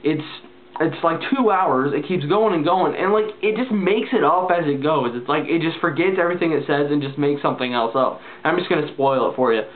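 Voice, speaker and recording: A man's voice: a little high, brisk. Rambling man ranting over tinny audio. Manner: rambling, exasperated, full of "like" fillers. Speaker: vlogger. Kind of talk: casual ranting movie review. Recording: tinny phone-like lo-fi sound.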